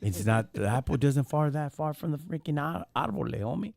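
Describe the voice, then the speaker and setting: Male streamer, slangy and animated, rhetorical questions, dry close mic. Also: on the high side, normal speed, vocal fry, dry recording. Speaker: live stream host. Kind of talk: casual live stream talk.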